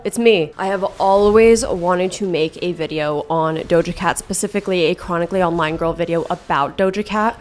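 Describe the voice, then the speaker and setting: A woman in her late twenties giving a comedic, self-deprecating commentary about internet culture, animated and sarcastic. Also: mid-range voice. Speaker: commentary YouTuber.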